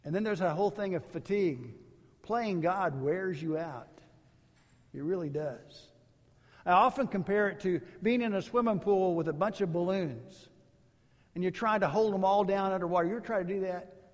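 A man's voice: high-pitched, normal speed, in a large hall. A man preaching a sermon as a pastor, in a casual, storytelling way with rhetorical asides.

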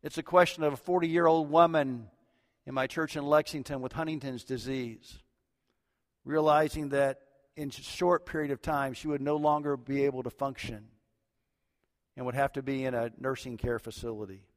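Pastor preaching in a reverberant hall. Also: male voice, fairly even intonation, normal speed. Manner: dynamic preaching, swinging between loud emphasis and hushed low lines. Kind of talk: sermon.

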